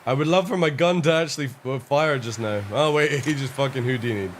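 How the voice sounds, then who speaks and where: A man's voice: medium pitch, brisk, slight background noise. A man streaming live gameplay commentary, ranting, swearing a lot and laughing at the game's flaws. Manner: frustrated, swearing constantly, breaks into laughter.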